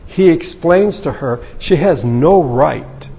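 A man preaching a sermon, retelling scripture in a relaxed, conversational way. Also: on the high side, slow pace, vocal fry, in a large hall, slight background noise. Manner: conversational, paraphrasing scripture in casual speech. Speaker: pastor.

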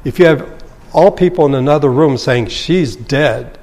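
A man's voice: mid-range voice, normal speed, darkish tone, in a large hall. A man leading a Bible study, reading scripture aloud and then explaining it in a conversational way. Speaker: Bible teacher.

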